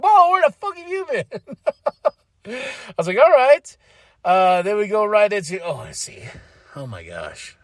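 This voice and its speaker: A man hosting a podcast, giving a casual, rambling recap of a show with frequent laughs and excited bursts. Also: a little high, vocal fry, no room sound, clean studio sound. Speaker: podcast host.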